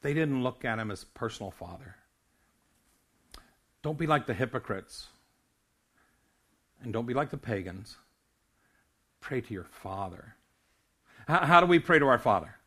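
An older man delivering a sermon from the pulpit in an earnest, teaching manner. His voice sits in an ordinary middle pitch, and he often trips over words and restarts them before pressing on. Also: animated, measured pace, pauses often, fairly bright tone. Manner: earnest preaching with frequent stammered restarts. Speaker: pastor.

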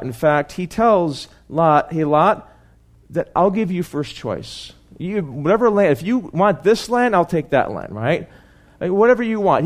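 A man preaching a conversational sermon. He often repeats words and asks "right?", and drops his voice low and soft on key points.

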